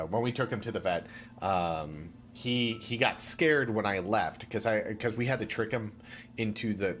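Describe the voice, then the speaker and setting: A man's voice: on the low side, slight background noise. A man chatting casually as game master on a tabletop game stream, telling rambling anecdotes.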